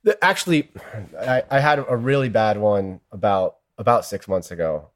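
With a mid-range voice, lively intonation and a moderate pace, someone being interviewed shares memories of painful dreams. The recollection is emotional, open and reflective, with laughter breaking through the difficult moments.

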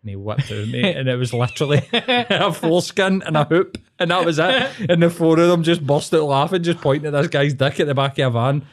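A man's voice: on the high side, brisk, few pauses. A middle-aged man with a Scottish accent, hosting a casual podcast and telling a crude story with lots of swearing and laughter. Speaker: podcast host.

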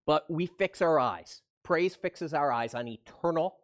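A man's voice: fairly high pitch, unhurried. A man preaching a livestreamed sermon, talking casually and often asking his listeners questions. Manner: conversational preaching, asks the audience questions. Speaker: pastor.

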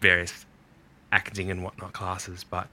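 A man hosting a casual podcast chat in a relaxed way, faster when excited. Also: low voice. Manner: relaxed, slow when calm, speeds up when excited. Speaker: podcast host.

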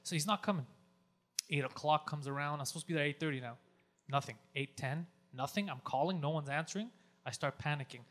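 A man telling a story on a podcast in a casual, animated way, swearing a lot and acting out his own yelling. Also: fairly high pitch, fast. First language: Greek. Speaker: podcast co-host.

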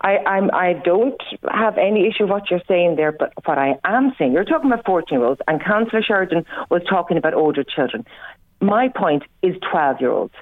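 A woman's voice: fairly low pitch, expressive, fairly quick, no echo. A woman, a local councillor, arguing firmly and insistently on a radio show, repeating her words when she is pressed. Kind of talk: radio debate over the phone. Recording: tinny phone line.

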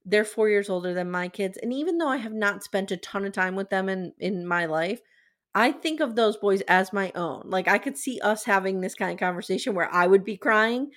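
A woman hosting a casual podcast recap, retelling a TV episode with animated energy. She slips into the characters' lines as she goes. Her voice sits at a middle pitch for a woman. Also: normal speed. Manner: animated retelling, acts out quotes. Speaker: podcast host.

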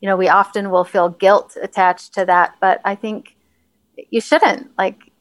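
A woman's voice: medium pitch, fairly even intonation, a little slow, no echo. A woman co-hosting a health podcast, chatting casually and laughing easily. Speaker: podcast co-host, health coach.

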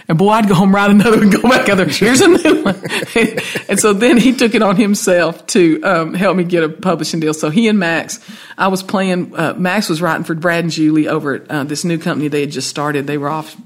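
Southern woman spinning a lively story. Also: on the low side. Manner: animated storyteller, acts out quoted voices. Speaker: songwriter guest. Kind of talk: storytelling interview.

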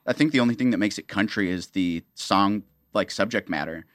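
A woman hosting a podcast in casual chat, animated and quick to slip into comic voices. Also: extremely low pitch, no room sound, clean studio sound. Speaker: podcast host.

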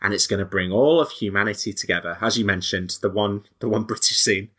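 A man chatting casually about a movie, animated and stumbling over restarts as he acts out lines. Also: lowish voice, a little fast. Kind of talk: casual podcast film discussion.

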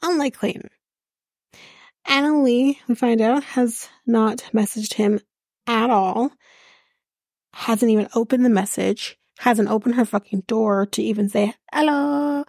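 A woman's voice: a little high, unhurried, darkish tone, dry recording, clean studio sound. A woman hosting a podcast, recapping a reality show in a blunt, profane, ranting chat.

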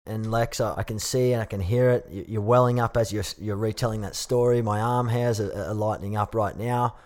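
A man's voice: on the low side, steady tone, brisk, darkish tone. A man hosting an interview, encouraging and supportive, who often repeats words as he speaks. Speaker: podcast host. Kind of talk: interview talk.

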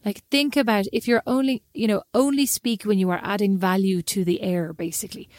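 A woman co-hosting a casual chat show, telling self-deprecating stories in an animated way. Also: medium pitch, brisk, hardly any pauses, no room sound, clean studio sound. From Ireland. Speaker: podcast co-host.

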